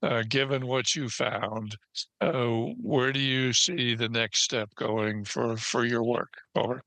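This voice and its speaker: A man's voice: mid-range voice, level tone, takes it slowly, vocal fry, pushed and bright, no room sound. An older American man chairing a conference panel, speaking conversationally with many fillers. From United States. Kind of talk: panel moderation.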